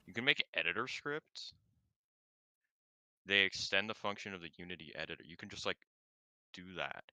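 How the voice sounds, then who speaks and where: A man's voice: deep voice, animated, moderate pace, bright, forceful tone, smooth, dry recording. A young man in casual chat about game code, puzzling it out aloud and reading out answers. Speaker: game developer. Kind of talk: casual chat while coding.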